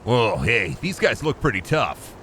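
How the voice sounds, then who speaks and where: A man streaming a video game, commenting loudly and goofily, swearing and breaking into yells. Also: fairly low pitch, sing-song, a little slow. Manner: loud, goofy, swearing, bursts into yelling. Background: game music.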